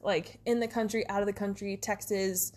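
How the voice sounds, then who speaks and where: Woman cohost rambling through stories, loads of "like" and "um", normal pitch. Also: level tone, normal speed, a little mellow. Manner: rambling storyteller, many fillers. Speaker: podcast co-host. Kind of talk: casual chat.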